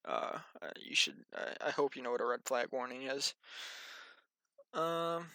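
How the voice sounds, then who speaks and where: A man's voice: medium pitch, bright, forceful tone, clear, resonant tone, no room sound. A tired, yawning man giving a casual, rambling weather briefing and muttering to himself as he thinks aloud. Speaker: amateur weather vlogger.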